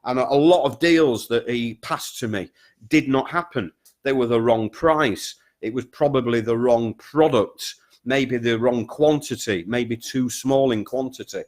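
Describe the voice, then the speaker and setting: This is a middle-aged man speaking to his coaching students. He hammers his points home through repetition and keeps checking in with his listeners. His voice sits at an ordinary middle pitch. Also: unhurried. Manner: repetitive, emphatic, keeps checking in with "okay?" and "guys". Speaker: business coach. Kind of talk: direct-to-camera coaching talk.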